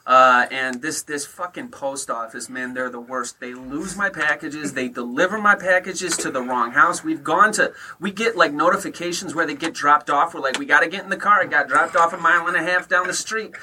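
A man with a very bright, forceful, fairly high voice tells stories as a podcast guest. He rants and swears freely, animated and heated. A faint hiss sits under the studio recording. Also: moderate pace, hardly any pauses, recorded from a distance. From Detroit area. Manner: profane, animated ranting storyteller. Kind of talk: casual chat, storytelling.

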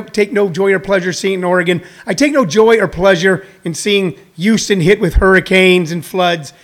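High-voiced chatty host, out of breath. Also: male voice, a bit bright. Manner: rambling, chatty, jokey asides. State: a little out of breath. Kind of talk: live-stream talk show monologue.

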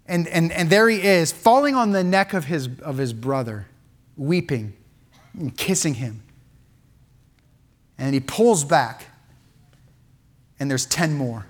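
A man preaching a heartfelt sermon, his voice sitting a little higher than most men's. He swings from loud, emphatic peaks down to hushed, almost whispered lines. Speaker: pastor.

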